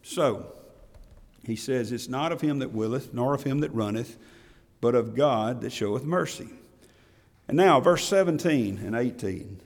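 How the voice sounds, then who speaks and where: A man's voice: medium pitch, animated, unhurried, in a large hall. A man preaching a sermon, reading scripture aloud with folksy asides and emphatic points. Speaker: pastor. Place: church.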